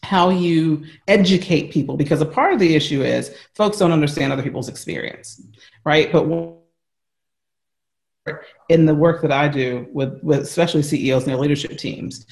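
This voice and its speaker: Man with an American accent, slightly higher voice, earnest, explanatory, lots of fillers, remote call from home. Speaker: interview guest.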